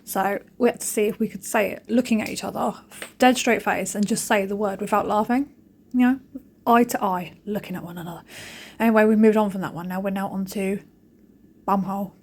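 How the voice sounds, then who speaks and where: A woman in her thirties talks over her cleaning vlog in a chatty, cheeky way. She tells jokey stories about home life with her family. Her pitch sits in a middle range. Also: fairly even intonation, brisk, vocal fry, darkish tone. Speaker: vlogger. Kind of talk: casual chat over cleaning footage.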